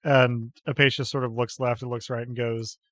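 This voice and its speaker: A man's voice: mid-range voice, flat delivery, moderate pace, a bit bright, dry recording, studio quality. A man narrating as game master, loosely, with many fillers.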